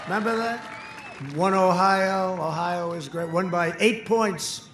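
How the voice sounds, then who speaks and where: A man's voice: sits high, measured pace. Man boasting at an echoey campaign rally. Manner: boastful, mocking, repetitive; shouting phrases to a crowd. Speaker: candidate speaking at a campaign rally. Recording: echoey sound system with crowd noise.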